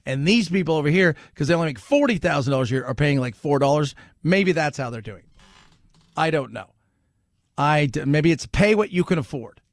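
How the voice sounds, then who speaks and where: A man's voice: on the high side, expressive, fairly quick, no echo. Dry, wry-voiced male radio host. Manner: wry and sarcastic, laughs at his own asides. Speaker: radio talk show host. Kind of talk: casual talk radio commentary.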